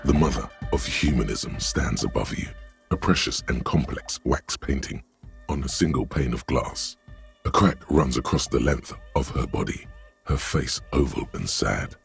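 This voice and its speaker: A man giving scripted narration for a video game, measured and literary. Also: extremely low pitch, soft background music, heavily acted. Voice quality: gravelly.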